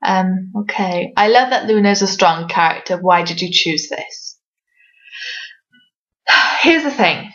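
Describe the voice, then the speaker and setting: A woman from Wales with a fairly neutral English accent answers reader questions in a casual home vlog. She talks slowly and hesitantly, full of ums and little self-mocking laughs. The recording sounds dull and lo-fi. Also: mid-range voice, a bit bright.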